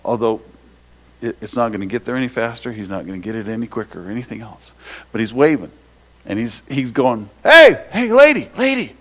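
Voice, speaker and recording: A male pastor telling a story in a sermon, animated, with restarts and asides to his listeners. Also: fairly low pitch, brisk.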